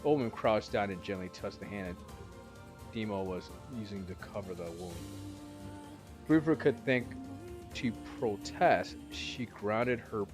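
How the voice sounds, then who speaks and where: Deep-voiced man reading a novel aloud. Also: music in the background. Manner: halting, stops to correct misread words. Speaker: reader.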